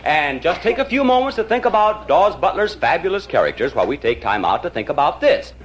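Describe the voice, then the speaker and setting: A man's voice: a little high, sing-song, a little fast. A jovial man hosting a live children's show, coaxing and chuckling as he talks. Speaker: TV show host.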